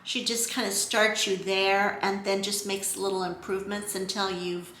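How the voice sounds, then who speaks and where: A middle-aged woman talks casually to her camera in a chatty, earnest way, full of ums and little restarts. Her voice is bright and forceful. The room around her is echoey, with faint ambient noise behind. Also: mid-range voice, level tone, normal speed. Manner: chatty, earnest, lots of fillers. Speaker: vlogger.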